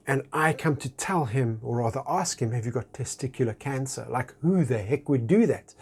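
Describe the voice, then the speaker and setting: A man sharing a personal testimony in a chatty, expressive way, full of fillers and acted-out dialogue. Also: fairly high pitch. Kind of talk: animated personal storytelling.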